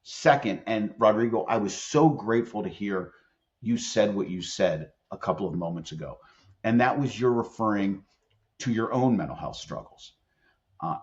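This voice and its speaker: A lowish male voice comes through lo-fi sound as a middle-aged employment attorney and leadership expert guests on a podcast. He tells his stories in an emphatic, earnest way during the conversational interview.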